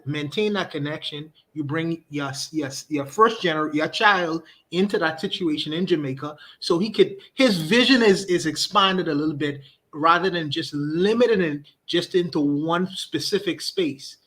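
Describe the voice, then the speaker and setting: A man with a somewhat high voice talks in a casual podcast discussion. He builds a hypothetical step by step and keeps checking that his listener follows. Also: normal speed, few pauses, pushed and bright. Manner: poses hypotheticals, checks understanding with "you understand?". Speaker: podcast co-host.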